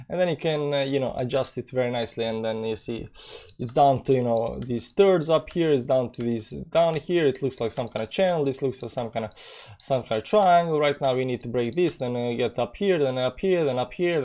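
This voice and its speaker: A man hosting a casual live stream, reading chat and talking through charts in a rambling, filler-heavy way, low on energy. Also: darkish tone. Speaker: crypto live stream host.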